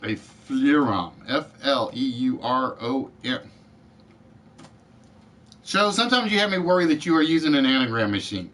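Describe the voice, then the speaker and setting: A man hosting a live-streamed word game show, calling out letters and players' answers in a deliberate, friendly patter. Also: mid-range voice, very animated, a bit bright. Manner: deliberate, spells out letters and addresses players by name.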